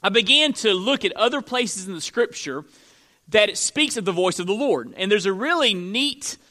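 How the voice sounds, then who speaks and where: A pastor from Florida preaching to his congregation in a high, bright voice. He talks conversationally, slipping in joking asides between Scripture readings. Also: animated, normal speed. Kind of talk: sermon.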